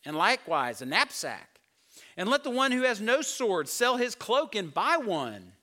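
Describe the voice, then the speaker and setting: A man preaching a sermon, reading scripture and acting out the voices of the disciples, sometimes dropping to a near whisper for emphasis. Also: high voice. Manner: animated, acts out voices of the disciples. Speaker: pastor.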